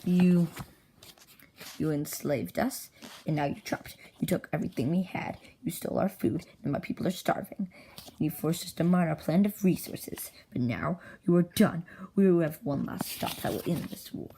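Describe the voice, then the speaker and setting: A woman's voice: low-pitched, moderate pace, vocal fry, dark tone, slight background noise. A woman voicing an angry male alien leader who accuses his captors with defiance. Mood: defiant.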